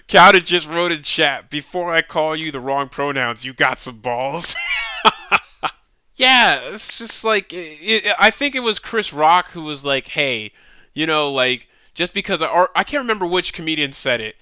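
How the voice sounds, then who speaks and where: A man streaming casual reaction commentary, animated and mocking, often laughing. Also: a little high, moderate pace, hardly any pauses, clear, resonant tone, no room sound, highs cut off.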